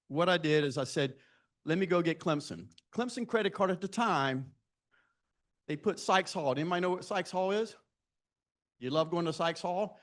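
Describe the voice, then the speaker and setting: Here the man's voice sits a little high and sounds fairly bright. He's in his sixties, speaking at a live student event, where he shares self-deprecating career stories and asks the crowd pointed questions.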